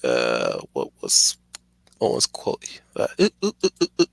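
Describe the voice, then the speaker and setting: A man streaming casual, digressive commentary; he gets excited, laughs often and apologizes for getting sidetracked. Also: extremely low pitch, a little slow, creaky, no echo.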